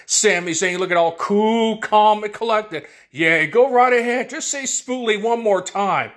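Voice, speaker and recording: A man hosting a podcast, recapping wrestling in an animated, sarcastic casual way. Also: high-pitched, a little slow. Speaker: podcast host.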